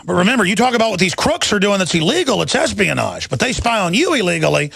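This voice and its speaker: A man's voice: high-pitched, very animated, fast, vocal fry, few pauses, fairly bright tone, husky. A man hosting a talk radio show, ranting and sarcastic as he reads headlines, plugs sponsors and takes calls on a studio mic.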